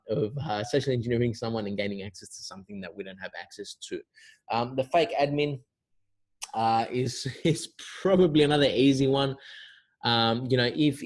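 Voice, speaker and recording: A man's voice: mid-range voice, a little mellow. A man giving an informal cybersecurity lesson in a loose, chatty way, full of fillers and restarts. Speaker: cybersecurity instructor.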